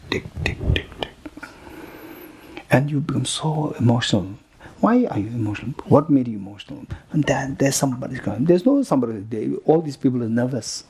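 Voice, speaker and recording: A man in his thirties giving a Buddhist retreat teaching to a live group, explaining with lively examples, questioning his listeners, often restarting words and chuckling between points. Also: medium pitch, husky.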